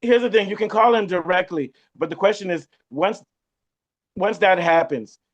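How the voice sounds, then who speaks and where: Forceful man, dull lo-fi audio. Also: sits high, moderate pace. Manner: forceful, interrupts often. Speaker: host. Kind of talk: panel discussion. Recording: dull lo-fi sound.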